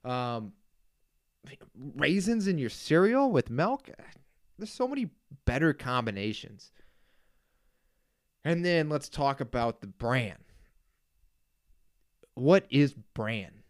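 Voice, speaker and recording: A young man from the Kansas area hosts his own podcast, a casual solo rant that swings into exasperated outbursts and mock disbelief. His voice sits at an ordinary middle pitch, and the close mic gives it a dry, deadened sound with no room around it. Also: takes it slowly, pauses often, no room sound. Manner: animated, exasperated ranting with frequent asides. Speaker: podcast host.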